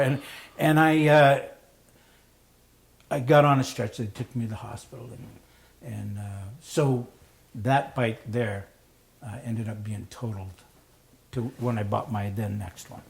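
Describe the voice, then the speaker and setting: This guest storyteller has a gravelly, mid-range voice and a measured pace, often pausing as he tells a story conversationally. He gets animated, performs the voices of the people he quotes, and laughs a lot.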